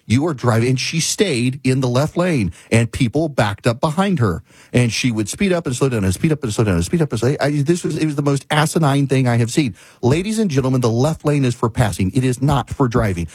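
A talk show host, a man with a husky, slightly breathy voice, rants in an emphatic, exasperated way and hammers his points home by repeating them. His pitch sits in an ordinary middle range, and the sound is close and dry with no room echo. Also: a little mellow. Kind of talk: casual monologue, ranting storytelling.

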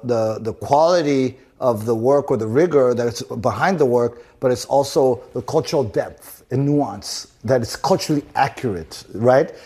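Halting man from Zimbabwe being interviewed. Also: medium pitch, darkish tone. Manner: halting, repeats words and restarts often. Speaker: interview guest. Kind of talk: casual interview talk.

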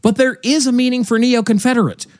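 A man hosting a political talk podcast, animated and opinionated, sounding tired, often restarting his sentences. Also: very high voice, fast talker, no room sound, clean studio sound. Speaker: podcast host. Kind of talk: casual political talk show chat.

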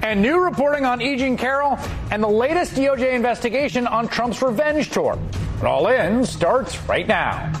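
A man's voice: very high-pitched, expressive, normal speed, over music. A man hosting an evening news show, delivering a pointed, sarcastic opinion monologue from a studio.

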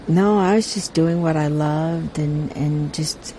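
A middle-aged woman being interviewed about her career and family, talking softly and haltingly and repeating words as she searches for them. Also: low voice, slight background noise, low-quality recording. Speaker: interview guest, veteran entertainer. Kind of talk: casual interview conversation.

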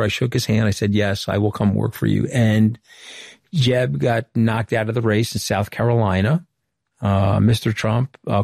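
A man's voice: fairly low pitch, vocal fry, a little mellow, no room sound, clean studio sound. A middle-aged man from Long Island, giving an interview guest's candid, anecdotal account and acting out past conversations. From Long Island, New York. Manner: candid, anecdotal, recounts dialogue. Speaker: interview guest, former White House communications director. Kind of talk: interview storytelling.

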